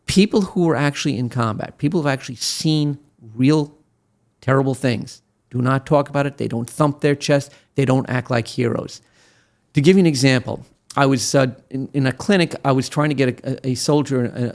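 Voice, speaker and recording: A man in his sixties from Brooklyn, an attorney telling stories as an interview guest, animated, with many fillers and restarts. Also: medium pitch, moderate pace, creaky. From Brooklyn, USA. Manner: animated storyteller with many fillers and restarts who acts out quotes. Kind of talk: interview storytelling.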